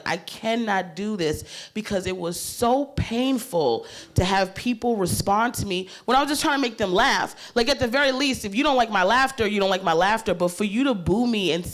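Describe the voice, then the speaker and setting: A woman comedian on a panel, telling a story candidly and animatedly, swearing freely and laughing as she goes. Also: mid-range voice. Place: panel stage at a leadership summit.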